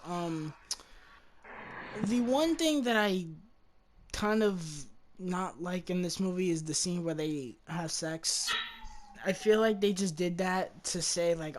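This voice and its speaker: A woman's voice: fairly low pitch, a little hiss or hum. A woman hosting a podcast, chatting loosely about a movie, swearing freely and trailing off. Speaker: podcast host. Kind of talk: casual movie review chat.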